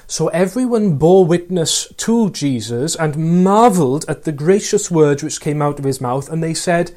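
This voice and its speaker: A man's voice: fairly high pitch, lively intonation, measured pace, hardly any pauses, dark tone. A man preaching a sermon, earnestly asking his listeners questions and reading scripture aloud.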